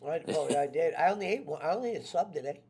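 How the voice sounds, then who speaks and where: High-pitched, mumbling man. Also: animated, fast, dark tone, husky. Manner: mumbled, low-key, eating while talking. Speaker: call participant. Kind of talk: casual chat on a voice call.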